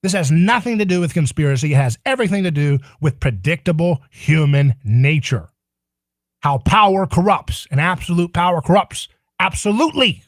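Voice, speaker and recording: A man's voice: fairly high pitch, lively intonation, normal speed, no room sound. A man hosting a political talk radio show, delivering a sarcastic, indignant monologue.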